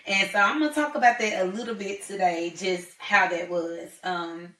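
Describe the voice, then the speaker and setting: A woman's voice: medium pitch, fairly even intonation, moderate pace, sharp tone. A chatty, teasing woman hosts a casual talk show. Her voice sounds roomy and a little distant from the mic. She keeps the chat loose and playful.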